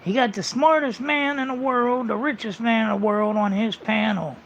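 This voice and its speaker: A man's voice: very high-pitched, steady tone, normal speed, fairly bright tone, slight background noise. A man livestreaming a casual, rambling monologue, blunt and full of swearing, on muffled lo-fi audio.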